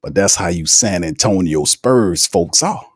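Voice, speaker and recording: A man's voice: deep voice, lively intonation, unhurried, slightly rough, dry recording, studio quality. A man hosting a casual sports podcast, talking in an emphatic, slangy, teasing way and reading out live chat comments. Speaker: podcast host.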